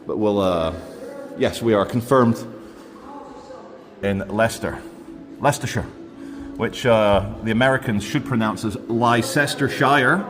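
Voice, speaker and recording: A man's voice: fairly low pitch, a little slow, long pauses. A man talking casually to camera as he walks around and tries food, rambling along with plenty of fillers. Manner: chatty, rambling with many fillers. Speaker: travel vlogger. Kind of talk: casual walking vlog commentary. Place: indoor shopping centre, then outdoor bench. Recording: faint background noise.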